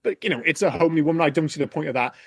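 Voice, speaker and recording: A man co-hosting a podcast, chatting casually about a film in an animated, exasperated way and swearing often. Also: on the high side, very fast, breathy edge, no room sound. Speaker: podcast co-host. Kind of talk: casual film review chat.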